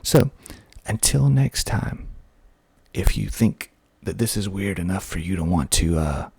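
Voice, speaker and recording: A man, hosting a soft-spoken ASMR video, speaking slowly and deliberately into a close mic with a pop filter, with wry asides. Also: sits low, animated, gravelly, husky, no room sound. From Georgia, USA. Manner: slow, deliberate, half-whispered delivery with wry asides. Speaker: ASMR channel host.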